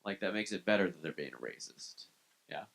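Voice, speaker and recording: A man on a comedy club stage, talking into a handheld mic. His voice sits on the low side, and he talks in a casual, self-deprecating way and swears freely. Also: expressive, brisk, vocal fry, fairly bright tone. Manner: self-deprecating, profane, conversational. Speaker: stand-up comedian. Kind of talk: live stand-up set.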